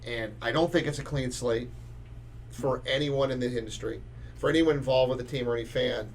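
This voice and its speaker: A man co-hosting a sports talk podcast, making his points with emphasis and frequent restarts. His voice sits at an average pitch, with a faint hiss of noise behind it. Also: brisk. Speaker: podcast co-host.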